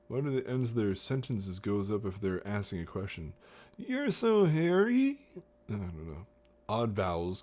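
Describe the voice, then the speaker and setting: A man streamer reading a book aloud, slow and deliberate, with joking asides. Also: fairly low pitch, darkish tone. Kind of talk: casual storybook reading on stream.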